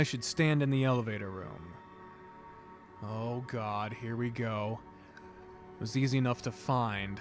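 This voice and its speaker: A man's voice: medium pitch, a little slow, long pauses, faint music behind. A man playing a text game, reading the story aloud and chatting along, cursing freely. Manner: animated, swears freely. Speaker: let's play gamer.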